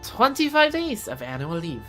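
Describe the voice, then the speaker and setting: A woman voicing a humble, low-ranking minion who talks about himself with wistful self-deprecation, reading game dialogue aloud. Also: huge pitch swings, moderate pace, fairly bright tone, soft background music.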